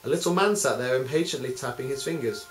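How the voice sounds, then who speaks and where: A man, a music teacher, telling a story in a calm, measured way. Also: medium pitch, slight background noise. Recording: roomy, with music behind.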